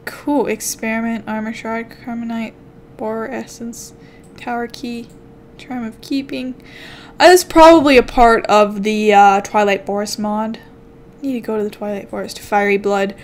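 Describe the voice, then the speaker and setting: A woman's voice: fairly high pitch, steady tone, a little slow, a little hiss or hum. A young woman chatting playfully to herself while commenting on her game as a channel host. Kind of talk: casual gameplay commentary.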